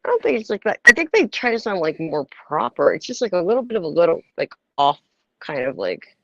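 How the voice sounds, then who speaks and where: Man, livestream host, gravelly, lively swooping pitch, dull dry home mic. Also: a little fast, no room sound. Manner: chatty, laughs often. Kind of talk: casual livestream chat.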